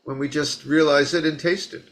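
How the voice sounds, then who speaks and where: A Zen teacher from the New York area giving a conversational dharma talk with joking asides. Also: male voice, on the high side, steady tone, moderate pace, fairly bright tone.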